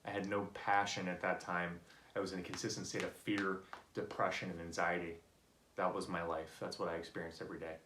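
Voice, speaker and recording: A man's voice: sits low, brisk, roomy sound, a little hiss or hum. A man giving a personal motivational talk, earnest and candid, telling stories from his own life. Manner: earnest storytelling, animated when voicing others. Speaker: motivational speaker.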